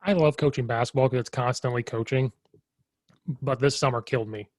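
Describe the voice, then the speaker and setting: A man's voice: medium pitch, steady tone, brisk, no room sound, clean studio sound. A man hosting a coaching podcast over a remote call, easygoing and joking. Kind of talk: casual podcast chat.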